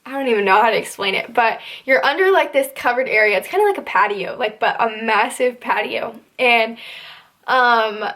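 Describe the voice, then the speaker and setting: A young woman talks to camera in a high, bright voice. She rambles through her story, filling it with "like" and little asides. Her delivery is casual and conversational. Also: moderate pace. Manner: chatty, rambling, heavy use of "like". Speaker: vlogger recounting basic training.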